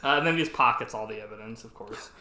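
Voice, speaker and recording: Animated, swearing podcast guy in an echoey room. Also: medium pitch, fast talker. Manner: animated, swears a lot, acts out movie lines with laughs. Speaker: podcast co-host. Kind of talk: casual movie review chat.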